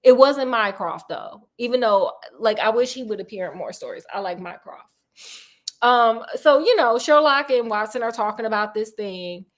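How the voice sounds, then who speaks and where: A woman with a slightly high voice retelling a classic tale in a loose, chatty way. She drifts into asides and slang as she talks, like a host chatting with a friend. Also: expressive, normal speed. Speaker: storytelling host. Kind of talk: casual retelling of a classic story.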